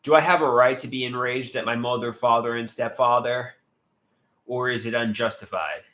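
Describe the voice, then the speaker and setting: A man's voice: mid-range voice, normal speed, fairly bright tone, reverberant. A man streaming live and reading chat, talking in an agitated, repetitive way with many stumbling restarts.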